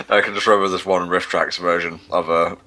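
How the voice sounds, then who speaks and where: Deep-voiced man chatting on a game stream. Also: pushed and bright. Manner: rambling, self-mocking, hesitant fillers. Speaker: livestream co-host. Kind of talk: casual gaming stream chat.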